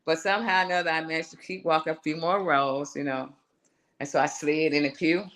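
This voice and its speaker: A woman, a singer and songwriter, telling a personal story on a live show in a lively way, acting out voices and calling her listener "girl". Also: low-pitched, quick pace. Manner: animated, acts out her own voice and inner voices, calls the listener "girl".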